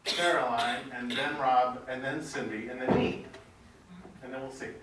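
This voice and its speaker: A man's voice: mid-range voice, fairly even intonation, normal speed, a bit bright. Man, seminar leader, earnest coaching, very roomy echo, mic far off, some background noise. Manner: earnest, asks questions and calls on people. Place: large echoey seminar room. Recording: echoey room from far off with noise.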